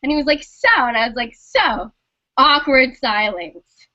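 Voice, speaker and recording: A young woman telling a personal story casually on a stream, animated and swearing, acting out the dialogue. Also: high-pitched, measured pace. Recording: dull lo-fi sound.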